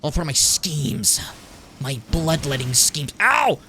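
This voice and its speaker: This streamer's voice is a little high and a little slow, with slight hiss or hum on the audio. Gaming with a co-host in a casual chat, he's animated and joking, swears, and drops into silly impressions.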